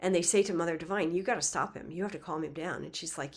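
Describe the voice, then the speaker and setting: A woman giving a spiritual talk, telling a myth in a lively, conversational way with casual asides. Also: fairly low pitch, fast, breathy edge. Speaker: spiritual teacher. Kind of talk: casual storytelling lecture.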